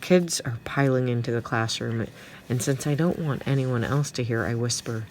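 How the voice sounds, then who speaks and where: Very deep-voiced woman reading aloud. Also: normal speed, darkish tone, a little hiss or hum. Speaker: teacher reading a novel aloud. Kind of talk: storybook read-aloud.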